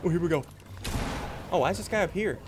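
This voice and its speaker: A young man giving jokey, excitable commentary while playing a video game. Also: high voice, fast talker, slight background noise. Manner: excitable, jokey, yelps and laughs mid-play. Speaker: gaming channel host. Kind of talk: live gameplay commentary.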